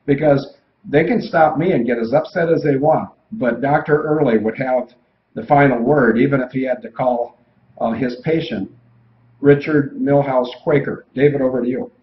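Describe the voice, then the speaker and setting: A man's voice: medium pitch, normal speed. Older male co-host, anecdotal storyteller, roomy and dull-sounding recording. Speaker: retired military pilot and co-host. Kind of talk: casual storytelling chat.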